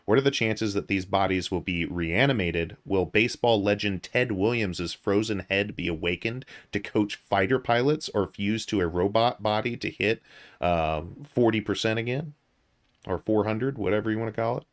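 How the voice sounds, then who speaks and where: Low-voiced man reading with jokey asides. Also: normal speed. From United States. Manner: reads aloud with joking asides and filler words. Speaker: podcast host. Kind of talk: casual podcast chat, reading an article aloud.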